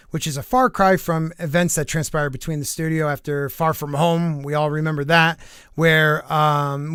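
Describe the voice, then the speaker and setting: A man's voice: on the high side, a bit bright, clean tone, dry recording, clean studio sound. A man hosting a live podcast, reading entertainment news aloud and rambling through his thoughts with lots of fillers. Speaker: podcast host. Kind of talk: casual live-stream news commentary.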